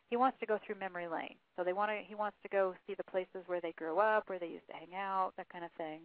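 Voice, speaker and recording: Woman guest recounting a case on the phone, lowish voice, tinny dry line, lots of um and uh. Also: fairly even intonation, fast, few pauses, no room sound. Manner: storytelling, reads quotes aloud, frequent fillers. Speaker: author guest.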